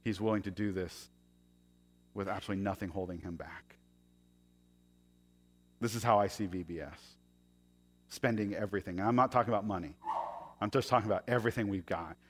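A man preaching a sermon, moving between loud emphatic passages and quiet confiding asides. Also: lowish voice, fairly quick, pauses often, soft background music. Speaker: pastor.

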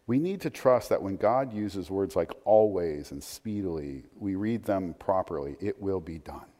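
A man's voice: low voice, animated, normal speed, warm tone. A man preaching a sermon in a conversational way, with frequent restarts and asides. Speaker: pastor. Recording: long hall reverb.

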